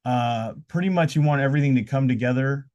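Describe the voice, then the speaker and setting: A man's voice: medium pitch, fast talker, darkish tone, muffled recording. A man hosting a casual live podcast, talking in loose, rambling, motivational stretches with frequent "uh"s and restarts. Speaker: podcast host. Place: indoors during a live podcast, with noise around.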